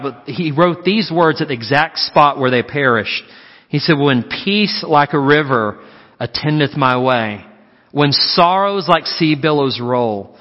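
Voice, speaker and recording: A man preaching a sermon as pastor, slowing down to stress key phrases. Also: on the high side. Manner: preaching with slow, emphatic pauses on key phrases. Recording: muffled with long hall reverb.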